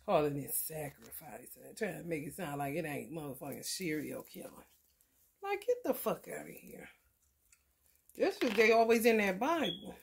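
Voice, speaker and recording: A woman's voice: low voice, very animated, normal speed, gravelly, slight background noise. A woman, talking loosely and profanely in a casual tarot vlog. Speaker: tarot reader.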